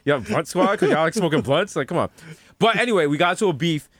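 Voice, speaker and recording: Animated New man telling stories. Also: fast, dry recording. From New York. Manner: animated, swings into high voices when quoting people. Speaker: podcast co-host. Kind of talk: casual storytelling chat.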